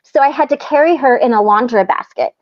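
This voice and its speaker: A woman with a very high voice tells stories as a guest in a relaxed conversation. She is animated and laughs often. The recording sounds a little dull and muffled. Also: a little fast. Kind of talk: casual chat.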